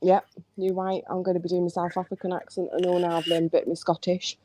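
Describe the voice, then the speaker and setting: A woman's voice: on the low side, flat delivery, fast, dark tone, a little hiss or hum. A woman chatting as a guest on a late-night show, giggly and talkative. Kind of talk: casual late-night chat.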